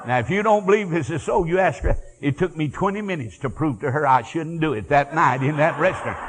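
A man, an evangelist preaching a fiery revival sermon, telling folksy stories between shouted exclamations. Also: fairly high pitch, lively intonation, low-quality recording. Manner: shouting bursts, drawn-out exclamations, folksy asides.

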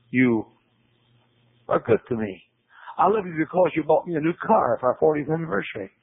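Gravelly preacher on tinny radio. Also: male voice, no room sound. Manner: emphatic, repetitive, pitch climbing on key words. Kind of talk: sermon. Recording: tinny phone-like radio broadcast.

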